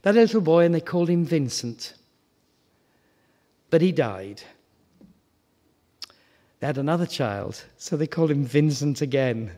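Chatty preacher in a reverberant hall. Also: male voice, fairly high pitch, moderate pace, pauses often. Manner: conversational, repeats words, rises to animated questions. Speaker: guest preacher. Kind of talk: informal sermon. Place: church hall.

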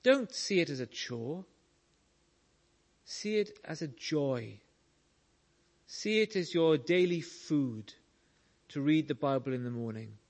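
Slow, earnest male preacher. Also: a little high, lively intonation, a little mellow. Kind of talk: sermon.

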